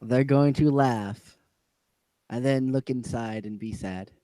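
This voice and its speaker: A man's voice: medium pitch, slow pace, dark tone, no room sound. A man co-hosting a casual livestream chat, laid-back and self-deprecating. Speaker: co-host.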